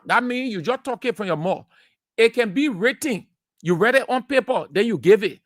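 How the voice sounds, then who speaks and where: Radio host lecturing on air, emphatic and repetitive, dry close studio mic, mid pitch. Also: fairly bright tone, no echo. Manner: emphatic and lecturing, repeats key phrases, asks rhetorical questions. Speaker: radio talk show host. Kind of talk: opinionated radio commentary, explaining definitions.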